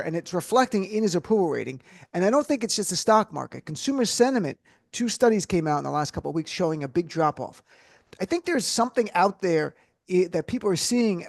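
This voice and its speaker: A male radio host speaking fast in a high voice, riffing and joking. His delivery is animated and he keeps the chat moving. The studio sound is dry and close. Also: no room sound. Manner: animated, joking, quick riffs. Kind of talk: comedic radio talk.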